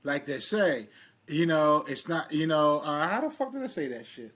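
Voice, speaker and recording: A man's voice: fairly high pitch, expressive, moderate pace, fairly bright tone. A man giving a loose, casual spiritual monologue in street slang, swearing freely and often laughing at himself. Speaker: spiritual vlogger.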